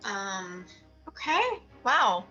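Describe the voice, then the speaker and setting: A woman's voice: medium pitch, expressive, very slow, pushed and bright, muffled recording, faint music behind. A woman playing in a tabletop game, tossing out sassy, teasing banter at the game master over an online voice chat microphone. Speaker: player.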